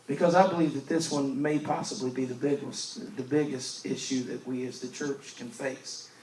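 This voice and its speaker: Emphatic evangelist in a roomy church. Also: male voice, medium pitch, fairly even intonation, moderate pace, slight background noise. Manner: emphatic, swings from loud to hushed. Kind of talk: storytelling sermon. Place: church sanctuary. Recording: roomy church recording from a distance.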